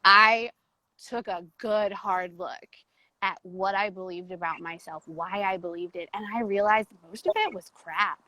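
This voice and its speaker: A woman's voice: medium pitch, bright, forceful tone, a little hiss or hum, poor audio. A woman guest talking openly and emotionally about her personal change, in a chatty style full of "like"s. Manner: open, emotional, fast storytelling with many "like"s. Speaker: coaching client, guest. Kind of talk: casual interview chat.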